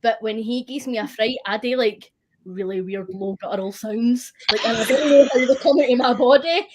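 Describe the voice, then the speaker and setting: A woman's voice: on the high side, moderate pace, noisy background. A woman, telling funny work stories in a casual chat with friends and laughing often. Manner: giggly storyteller.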